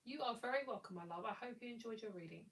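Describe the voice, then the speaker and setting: A woman's voice: fairly high pitch, rapid-fire, a bit bright, far from the mic, rough recording. A tired woman giving a live tarot reading in a chatty, rambling, affectionate way. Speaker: tarot reader.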